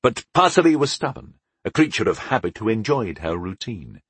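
A man narrating a first-person fantasy audiobook in a wry, measured storytelling manner. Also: fairly low pitch, big pitch swings, a bit bright, husky.

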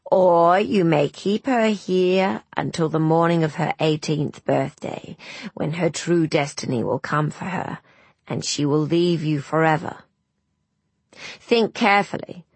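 Woman doing a wizened fairy crone, mischievous, menacing, husky, slow, storybook. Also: low-pitched, dry recording, full character voice. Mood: sly.

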